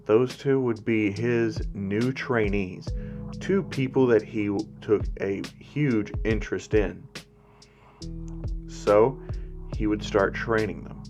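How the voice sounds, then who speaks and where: A man's voice: on the low side, slow, music in the background. A man casually narrating a fan-made story, rambling with fillers.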